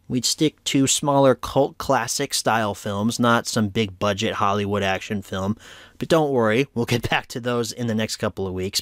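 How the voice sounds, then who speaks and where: A man's voice: medium pitch, no echo, studio quality. A man hosting a casual home media review vlog, chatty and opinionated as he wraps up an episode. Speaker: movie reviewer, show host.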